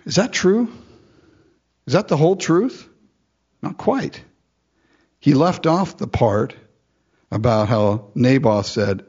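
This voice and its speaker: A male pastor gives an animated sermon and tells a story with chuckling asides. His voice is husky and swings widely in pitch. The recording sounds dull and lo-fi. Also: takes it slowly, pauses often.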